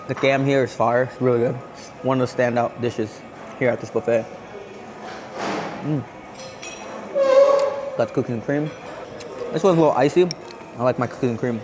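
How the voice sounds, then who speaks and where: A man's voice: mid-range voice, darkish tone. A man vlogging a casual food review at a hotel buffet, chatting as he tastes and humming contentedly between bites. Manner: chatty, savoring each bite with contented hums. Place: indoor hotel buffet restaurant. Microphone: camera-mounted shotgun mic.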